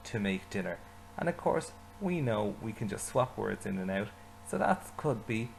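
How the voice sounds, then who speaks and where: A man teaching an Irish language lesson, saying phrases slowly and asking learners to repeat them. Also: on the low side, vocal fry, a little hiss or hum, rough recording. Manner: slow repetition, leading learners to say phrases with him.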